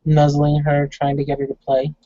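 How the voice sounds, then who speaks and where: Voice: mid-range voice, monotone, normal speed, dark tone, no echo, highs cut off. A game master casually narrating a tabletop game and voicing its figures.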